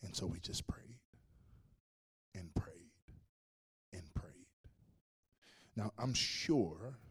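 A male pastor preaching a sermon, telling a story with animated swings between loud and hushed. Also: sits low, husky.

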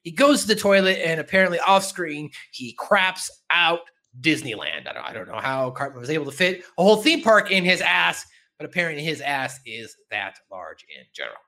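A man hosting a podcast, recapping a cartoon episode in animated, laughing storytelling. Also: a little high, a little fast. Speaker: podcast host.

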